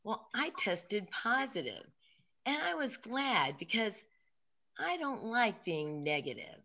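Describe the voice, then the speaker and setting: A woman's voice: a little high, very animated, takes it slowly, pushed and bright, lo-fi sound. A woman comic doing a stand-up set of punny one-liners.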